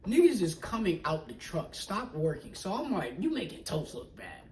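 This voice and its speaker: A young man casually telling a personal story in slangy talk, acting out what people said and often dropping to a hush. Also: fairly high pitch, normal speed. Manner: animated, slangy, acts out quoted people, often drops to a hush. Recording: echoey room, mic at a distance, faint noise.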